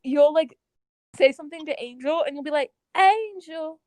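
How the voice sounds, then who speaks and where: A young woman co-hosting a podcast, animated and giggly, talking with lots of fillers. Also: high voice, a little fast, no room sound, studio quality. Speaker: podcast co-host. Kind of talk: casual chat.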